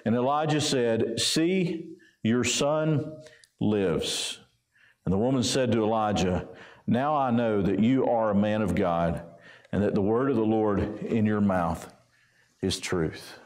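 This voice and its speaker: A pastor with a Southern US accent reading scripture aloud and explaining it conversationally in a sermon. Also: male voice, lowish voice, slow pace, a little mellow. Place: church sanctuary. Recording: roomy church echo.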